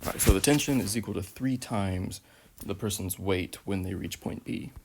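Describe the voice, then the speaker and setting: Male teacher, low gravelly voice, methodical lesson walkthrough. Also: normal speed, a little hiss or hum. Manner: methodical, explanatory, frequent "uh" and "all right". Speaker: physics teacher.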